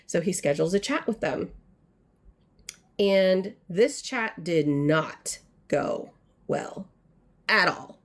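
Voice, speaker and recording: A woman's voice: fairly low pitch, lively intonation, slow pace, long pauses. A woman in her thirties telling a family story to viewers, indignant and rambling, with fillers as she goes. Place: home art studio. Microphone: livestream mic.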